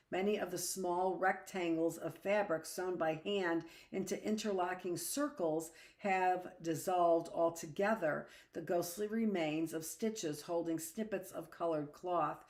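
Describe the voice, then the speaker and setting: A woman teacher reading a novel aloud in a steady, unhurried way. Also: lowish voice.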